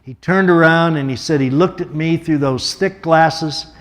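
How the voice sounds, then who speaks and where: A man's voice: a little high, measured pace. A man giving a storytelling talk as a guest speaker, conversational and anecdotal, with offhand asides.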